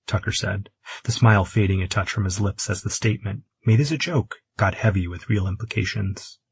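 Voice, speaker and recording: A man narrating a romance audiobook in a steady, husky voice. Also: fairly low pitch, a little fast, no echo. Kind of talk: scripted narration.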